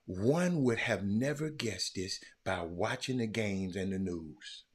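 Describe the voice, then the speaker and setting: Animated man teasing his viewers. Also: fairly low pitch, slow. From Texas. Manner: animated, teasing viewers by name, often shouting. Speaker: livestream host talking sports. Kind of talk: casual live stream chat with viewers.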